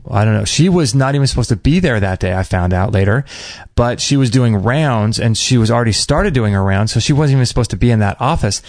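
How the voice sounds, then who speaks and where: A man hosting a podcast, telling a personal story in a casual, animated way and acting out what people said. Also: on the low side, no echo, clean studio sound. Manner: animated, acts out quoted dialogue; emotional, near tears at times. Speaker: podcast host.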